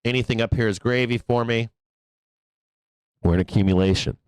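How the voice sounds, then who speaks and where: Cussing trading streamer guy, chill and chatty, clean crisp voice, super dry mic. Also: medium pitch, normal speed, darkish tone, no room sound. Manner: profane, casual, laughs often, talks to himself as viewers. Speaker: trading show host. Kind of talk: live market commentary stream.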